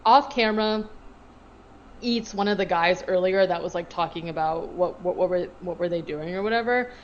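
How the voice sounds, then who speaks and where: A woman's voice: fairly low pitch, normal speed, lo-fi sound. A woman co-hosting a podcast, rambling through a casual movie recap full of fillers. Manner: rambling, filler-heavy storytelling. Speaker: podcast co-host.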